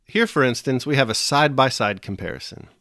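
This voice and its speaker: A man teaching a scripted video lesson on poetry in a measured, dry and wry manner. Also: mid-range voice, lively intonation, a bit bright, no room sound.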